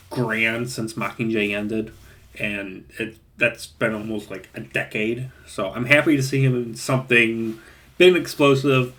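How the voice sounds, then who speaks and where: A man's voice: medium pitch, a bit bright. A man giving a casual, rambling spoken movie review with a chatty, laughing manner. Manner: rambling, chatty, laughs at his own points.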